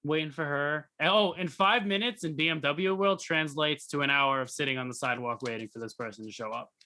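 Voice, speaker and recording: A young man with a bright, forceful voice, co-hosting a casual podcast. He rambles through stories, circling back and restarting his sentences as he goes. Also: on the high side, a little fast. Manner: rambling storyteller, restarts often. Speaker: podcast co-host. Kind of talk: casual chat.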